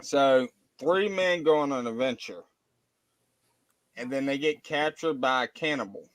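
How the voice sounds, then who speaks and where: A man's voice: medium pitch, measured pace, dry recording. A man co-hosting a casual chat, self-deprecating and fumbling as he talks.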